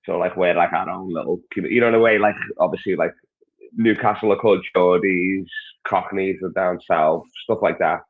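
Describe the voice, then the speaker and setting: A man's voice: low voice, steady tone, normal speed, narrow, tinny audio. A man from Liverpool with a Scouse accent, a stand-up comedian chatting crudely and rambling as a podcast guest. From Liverpool, England. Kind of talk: casual podcast chat.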